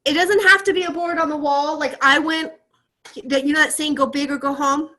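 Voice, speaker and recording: A woman's voice: high-pitched, brisk. A woman leading a motivational training on a video call, encouraging her team and asking them questions. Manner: energetic and encouraging, asks the audience questions. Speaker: team leader coaching a sales team.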